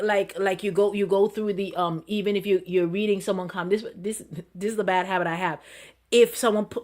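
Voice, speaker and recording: A middle-aged woman pastor preaching in a conversational style, repeating phrases, asking the listeners questions and dropping to a quiet murmur when she repeats her calming self-talk. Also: medium pitch. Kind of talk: sermon.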